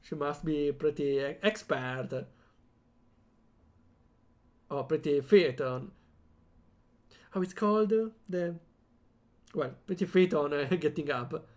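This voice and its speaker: A man's voice: a little high, takes it slowly, pauses often. A man streaming, reading a visual novel aloud as the lead, with giggly, chatty asides.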